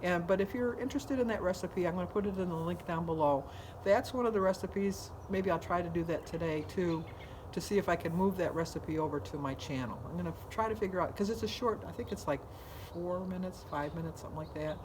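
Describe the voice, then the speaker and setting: A woman chats straight to her viewers in a loose, rambling vlog style, drifting from one thought to the next. Her voice sits a little low for a woman. A faint noise runs under the recording. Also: fairly quick. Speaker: vlogger. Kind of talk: casual vlog chat.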